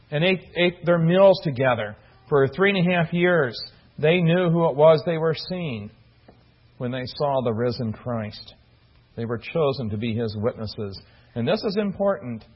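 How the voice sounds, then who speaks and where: A man's voice: a little high, breathy edge, highs cut off. A man preaching an expository sermon, explaining a Bible passage verse by verse in an earnest teaching manner, often restarting phrases as he stresses key words. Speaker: pastor.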